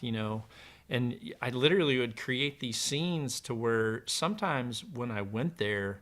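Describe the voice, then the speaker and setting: A middle-aged man, a former pro archer, telling long relaxed stories with plenty of fillers in a casual podcast conversation. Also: medium pitch, a little slow. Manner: relaxed, rambling anecdotes with many fillers.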